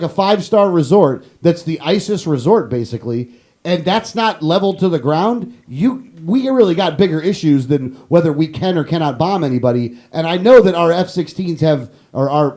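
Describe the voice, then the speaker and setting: A man hosting a casual political talk show, rambling with many restarts and getting animated. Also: fairly high pitch.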